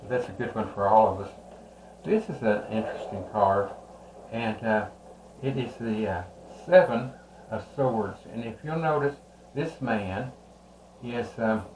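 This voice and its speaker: A man's voice: on the low side, noisy background. Hesitant man reading tarot, roomy echo. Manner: slow, rambling, with many "uh" pauses. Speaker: tarot reader. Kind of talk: unhurried tarot card reading.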